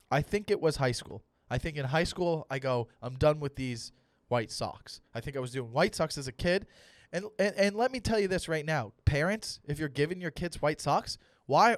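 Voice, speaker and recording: A young man, a comedian hosting his own podcast, ranting loudly in a mock-serious way and swearing for emphasis. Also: fairly high pitch, no echo, clean studio sound. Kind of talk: solo comedic rant.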